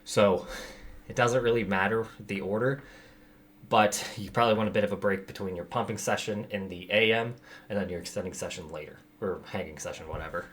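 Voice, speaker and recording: Male host, lowish voice, raspy and winded, casual unscripted Q&A, faint room noise behind. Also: a little fast, a bit bright. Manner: conversational, loose, reads out viewer questions. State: raspy, out of breath after gym. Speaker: channel host answering viewer questions. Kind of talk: casual Q&A monologue.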